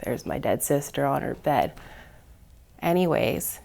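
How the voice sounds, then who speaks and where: A woman, a panel guest, telling a painful personal story in earnest, rising from quiet to heated. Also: a bass voice, lively intonation, a little slow, gravelly.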